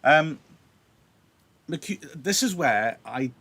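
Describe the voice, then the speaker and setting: A man's voice: on the high side, expressive, slow pace, a bit bright, breathy edge. Chatty male teacher with a sore throat. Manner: chatty, apologetic, explaining. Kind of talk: livestreamed reading lesson with analysis. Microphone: laptop.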